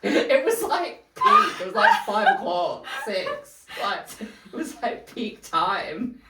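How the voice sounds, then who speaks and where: A woman's voice: on the high side, huge pitch swings, takes it slowly, recorded from a distance, heavy background noise. A young woman, co-hosting a podcast, rambling and laughing through a story told in casual chat. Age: young adult. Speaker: podcast co-host. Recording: echoey room, away from the mic.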